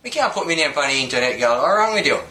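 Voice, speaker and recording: A man's voice: a little high, very animated, very fast, a crowd in the background. A man putting on a teasing Jamaican dad. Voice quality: teasing, sing-song patois. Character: older man in a viral video, playful Jamaican patois. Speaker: interviewee in a viral video. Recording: roomy video clip with ambient noise.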